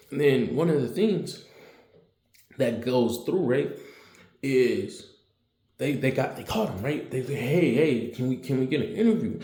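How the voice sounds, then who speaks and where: A man narrates a homemade fan story in loose, slangy fashion, stumbling through fillers. His voice is dark and mellow, and the room sounds echoey. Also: mid-range voice, vocal fry. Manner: rambling and slangy, many fillers.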